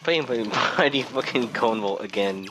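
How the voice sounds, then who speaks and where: A gaming channel host, a man, ranting loudly and cursing freely as he plays. His voice sits at a middling pitch, and the game's music plays clearly behind him. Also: a little slow, rough recording. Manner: loud, profane, energetic ranting. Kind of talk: let's-play commentary. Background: video game music.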